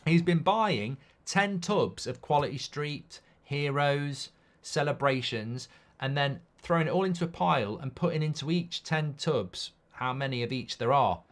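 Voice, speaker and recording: Animated man hosting a live watchalong. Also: on the high side, unhurried. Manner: rambling and animated, swears freely, riffs on silly hypotheticals. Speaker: host of a live football watchalong. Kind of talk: casual live-stream chat, reading viewer comments.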